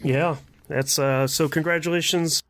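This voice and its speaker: A man hosting a casual gaming podcast, reading out results with slow, drawn-out pauses. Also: fairly high pitch, fairly even intonation, a bit bright. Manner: upbeat, reads results slowly with drawn-out pauses. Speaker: podcast host.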